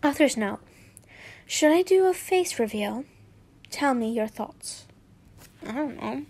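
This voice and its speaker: A woman's voice: high-pitched, lively intonation, takes it slowly, darkish tone, husky. A woman reading fanfiction aloud, giggly and chatty, often stopping to comment. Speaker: fanfiction reader.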